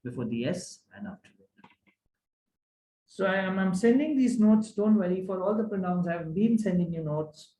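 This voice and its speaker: A man's voice: sits high, normal speed, a little hiss or hum. A man teaching a grammar class online, often checking that the class follows. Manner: animated, asks the class many checking questions. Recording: echoey room.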